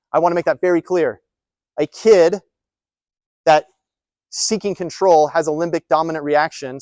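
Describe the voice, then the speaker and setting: Emphatic high-voiced man presenting. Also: darkish tone, no room sound. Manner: emphatic, rhetorical questions, repeats himself. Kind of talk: live presentation to caregivers. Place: presentation room.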